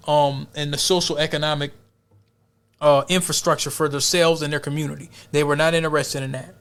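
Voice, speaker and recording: A man's voice: a little high, fairly bright tone. A male podcast host giving casual, emphatic commentary, often restarting his sentences.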